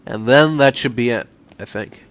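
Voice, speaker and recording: A man casually commenting on a game he is playing, relaxed and rambling. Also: mid-range voice, moderate pace. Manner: relaxed, rambling with fillers and restarts. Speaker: let's play host.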